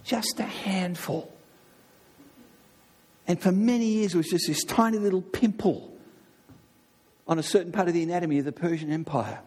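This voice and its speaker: A man preaching a sermon in an animated way, often asking his listeners "right?". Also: high voice, quick pace. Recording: long reverb of a large hall.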